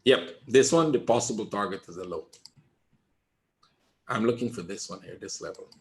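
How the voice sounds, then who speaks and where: Calm man coaching traders live. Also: fairly low pitch, moderate pace. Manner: calm, repetitive, reassuring, tags points with "right?"; emphatic, talks straight to viewers. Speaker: trader teaching a webinar. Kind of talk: live trading commentary.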